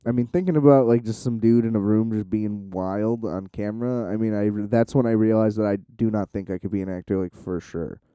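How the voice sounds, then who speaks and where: A man's voice: fairly low pitch, fairly even intonation, a little fast, hardly any pauses, mellow, smooth, no echo. A man hosting his own podcast, rambling casually with plenty of fillers and swearing. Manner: rambling, profane, lots of fillers; self-described shy. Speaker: podcast host. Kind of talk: casual solo podcast monologue.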